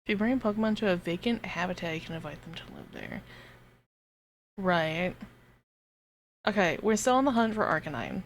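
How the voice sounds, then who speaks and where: A woman streaming a game live, chatting casually to her viewers, giggling and swearing as she gets excited. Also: on the low side, normal speed, pauses often, slight background noise.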